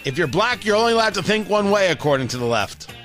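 Brash, high-voiced talk radio host man. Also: sing-song, fast, fairly bright tone, faint music behind. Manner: brash, sarcastic, rhetorical questions. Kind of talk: opinionated talk radio monologue.

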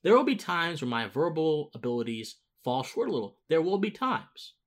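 A man's voice: a little high, very animated, normal speed. A man hosting a casual political monologue, rambling with restarts and rising into emphatic outbursts. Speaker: political commentary host.

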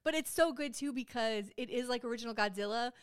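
Woman, middle-aged, high-pitched, animated, swears a lot, casual podcast chat, dry sound. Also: quick pace, clear, resonant tone, no echo. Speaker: podcast co-host.

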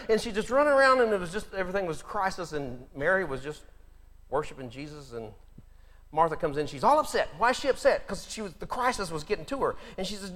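A male pastor delivers a sermon with a high voice that rises and falls a great deal. He tells his stories in an animated way and acts out the people in them. A long reverb hangs on the recording, as if in a large hall. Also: fast. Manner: animated storytelling, acts out Bible characters.

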